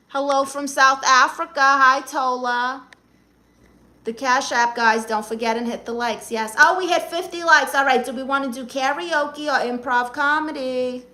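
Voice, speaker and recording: A woman's voice: high-pitched, fairly even intonation, normal speed, pushed and bright. A woman with a Brooklyn accent, chatting casually on a live stream and reading out viewer comments in a sassy, brash way. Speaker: livestreamer.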